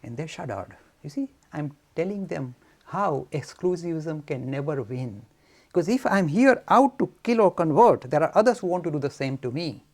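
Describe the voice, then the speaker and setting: A man from India gives a frank, forceful lecture on Hinduism to students. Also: a little high, normal speed. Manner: forceful, frank, animated, mock-arrogant.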